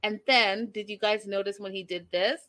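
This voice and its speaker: A woman hosting a casual live-stream recap, chatty and animated, talking straight to her viewers. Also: medium pitch, normal speed, noisy background. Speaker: reality show recap host.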